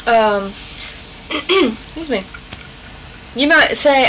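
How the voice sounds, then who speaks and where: Woman tester reading fill-in prompts, halting delivery, slightly high pitch, faint room noise. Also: fairly bright tone, rough recording. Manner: halting, many fillers, says okay after each answer. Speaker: language tester.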